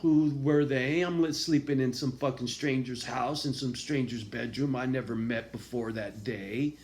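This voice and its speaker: A man in a raw, confessional monologue, swearing constantly and swinging from quiet, low talk to loud, angry outbursts. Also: moderate pace, a little hiss or hum. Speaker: vlogger.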